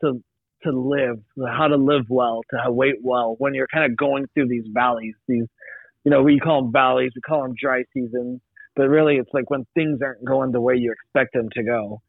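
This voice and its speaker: A man's voice: mid-range voice, fairly even intonation, moderate pace, vocal fry, no room sound. A young man, a podcast guest, telling a faith story in a rambling way, full of restarts and fillers. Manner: rambling, many restarts and likes. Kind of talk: casual testimony. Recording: tinny phone-like line.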